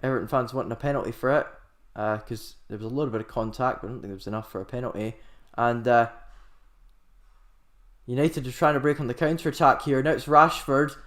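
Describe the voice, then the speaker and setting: A man giving amateur live football commentary in an excitable, rambling way, often correcting himself. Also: mid-range voice, fast talker. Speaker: host of a live football watchalong.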